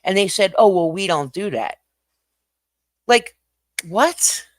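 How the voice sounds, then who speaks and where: Guy ranting on his livestream, kinda high voice, dry close sound, gets loud then drops quiet. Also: animated, a little slow, no room sound. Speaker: livestream host. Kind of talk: casual livestream talk.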